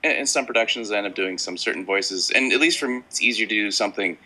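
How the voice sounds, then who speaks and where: A man's voice: fairly low pitch, fast, pushed and bright, poor audio. A man who works as a voice actor, chatting casually and thoughtfully, a little self-critical about his work. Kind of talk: casual commentary chat.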